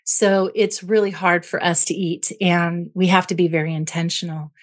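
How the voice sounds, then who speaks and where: This woman's voice is on the low side, fairly flat in pitch, at a moderate pace. As a clinical psychologist being interviewed, she teaches about emotions through familiar analogies, tagging her points with "right?"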